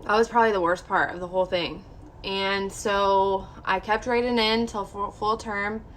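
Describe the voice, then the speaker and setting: A woman's voice: medium pitch, fairly even intonation, moderate pace, a bit bright, slight background noise. A young woman vlogger candidly telling a personal story to her viewers, emotional and full of "like". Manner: candid, emotional, heavy use of "like".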